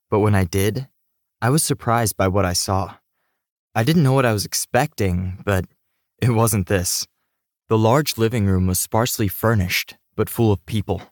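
A male audiobook narrator with a low voice telling the story in a steady, even way. The recording is dry and close, with no room sound. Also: dry recording.

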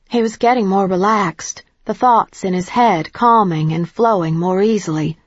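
A woman reading a first-person audiobook in a steady, even storytelling manner. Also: medium pitch, moderate pace, hardly any pauses, slightly rough, dry recording, highs cut off. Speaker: audiobook narrator.

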